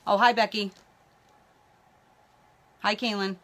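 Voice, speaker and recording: A woman's voice: mid-range voice, steady tone, moderate pace, long pauses, fairly bright tone. A woman psychic medium giving live-streamed readings, chatting loosely and calling out viewers by name. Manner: talks while a baby tugs at her hair.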